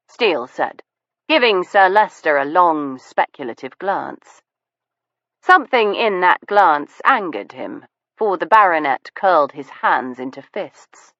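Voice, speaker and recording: A woman narrating an audiobook in an unhurried, even manner, in a dull, lo-fi recording. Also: sits low, no echo. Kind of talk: scripted narration.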